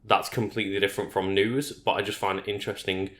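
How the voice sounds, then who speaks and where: Low-voiced man in an echoey room. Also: little pitch movement, a bit bright. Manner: agreeable, quick back-channel replies. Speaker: podcast guest. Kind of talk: casual podcast chat.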